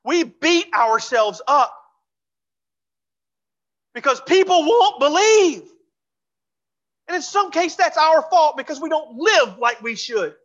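Preacher, sermon, high voice, repeats lines for emphasis, muffled church recording. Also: lively intonation, takes it slowly, long pauses. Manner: fervent, repeats phrases for emphasis; drops to a hushed voice for closing pleas. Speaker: pastor. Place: church sanctuary.

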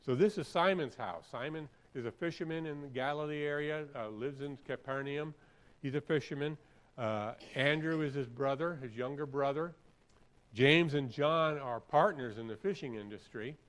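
A man preaching a sermon, reading scripture aloud and then explaining it conversationally, often clearing his throat and repeating phrases for emphasis. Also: a little high, moderate pace, fairly bright tone, low-quality recording. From San Francisco area. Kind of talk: expository sermon.

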